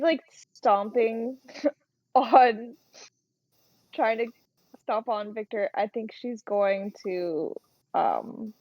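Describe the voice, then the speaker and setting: A woman's voice: a little high, dry recording, dull audio. A woman playing in a tabletop game, bantering in mock indignation. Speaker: player. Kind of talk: casual tabletop play.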